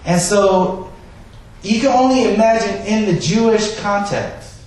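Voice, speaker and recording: A man preaching a sermon, stressing key words loudly and then dropping to a soft, quiet delivery. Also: sits high, a little slow. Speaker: pastor. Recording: echoey room, voice from a distance.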